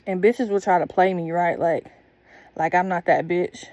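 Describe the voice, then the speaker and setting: A woman's voice: fairly low pitch, steady tone, normal speed, darkish tone, dry recording. A woman telling a candid personal story in a blunt, profane, casual monologue. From Southern United States.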